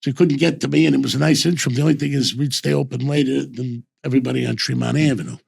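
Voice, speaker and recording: A man's voice: mid-range voice, fairly even intonation, rapid-fire, darkish tone. An older man telling rambling stories in casual talk, repeating "I says" and restarting his sentences. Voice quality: gravelly, husky. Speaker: host and former bookmaker. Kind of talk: casual storytelling.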